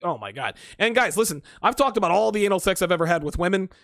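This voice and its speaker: A man with a fairly high, very animated voice that swings up and down as he talks off the cuff on a livestream. He answers his chat bluntly, swears freely and laughs often. The sound is close and dry, with no room around it. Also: fast talker, gravelly, no echo. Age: adult. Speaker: livestream host reading chat. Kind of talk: casual unscripted livestream chat.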